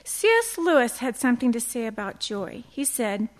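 Middle-aged lady teaching a bible talk, high voice, really earnest, acts out little quotes. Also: moderate pace, hardly any pauses. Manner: earnest, animated storytelling with acted quotes. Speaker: women's Bible study teacher.

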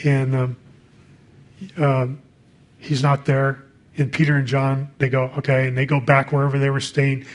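A man's voice: medium pitch, monotone, moderate pace, long pauses. A man preaching a sermon in a conversational way, reading scripture and adding casual asides.

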